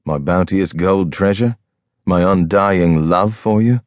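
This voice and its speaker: A male narrator voicing a rugged ship captain with quiet authority in an audiobook. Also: slow, no room sound. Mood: intimate. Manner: quiet authority, low and intimate. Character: rugged older sea captain, calm and commanding. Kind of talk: audiobook character voice.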